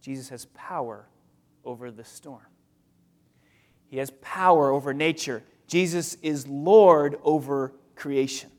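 A male pastor walks his congregation through a passage in a relaxed, conversational way, circling back to key phrases. His voice sits a little higher than most men's. A long reverb trails behind him, like the sound of a large church sanctuary. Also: slow. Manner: conversational, repeats phrases for emphasis. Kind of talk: expository sermon.

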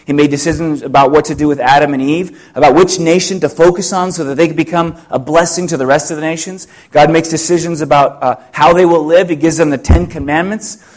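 A middle-aged pastor preaching a sermon, reflective and full of rhetorical questions, with frequent restarts. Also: male voice, fairly high pitch, fairly even intonation, a little fast, hardly any pauses, darkish tone.

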